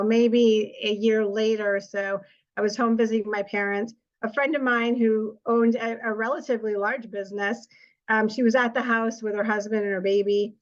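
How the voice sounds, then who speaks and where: A middle-aged woman, an author and speaker, gives a slide presentation in a fairly high voice, and the audio sounds dull. She tells stories in a chatty way and acts out the lines people said.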